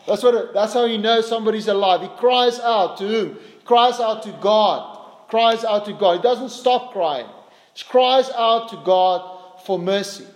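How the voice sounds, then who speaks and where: A man preaching a sermon in an earnest way, his voice lifting higher and louder on quoted cries for mercy. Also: big-room sound. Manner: earnest, rises in pitch and volume for quoted pleas.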